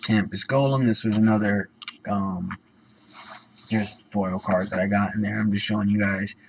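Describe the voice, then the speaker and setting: A man's voice: fairly low pitch, steady tone, normal speed, creaky, low-quality recording. A man talking casually through cards one by one, rambling with lots of ums and self-corrections. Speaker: card-opening channel host. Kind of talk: casual card-by-card commentary.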